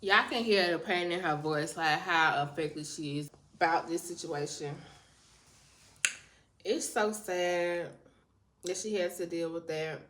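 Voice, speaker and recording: A woman's voice: on the low side, measured pace, a bit bright, a little hiss or hum. A woman hosting a reaction video, talking casually and sympathetically straight to her viewers.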